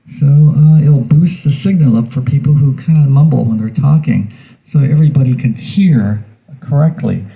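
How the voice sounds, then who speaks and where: A man's voice: mid-range voice, normal speed, gravelly, warm tone, rough recording. A man hosting a casual how-to demonstration about audio gear, talking in a folksy, rambling way that repeats words, into a wired handheld mic. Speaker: audio gear tips host. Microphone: wired handheld mic through a mixer.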